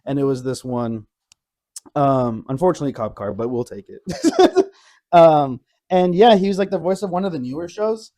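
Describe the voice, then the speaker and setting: A man co-hosting a casual podcast, telling a lively story with many fillers and frequent laughs. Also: on the high side, moderate pace. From Arizona. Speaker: podcast co-host. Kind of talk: casual chat.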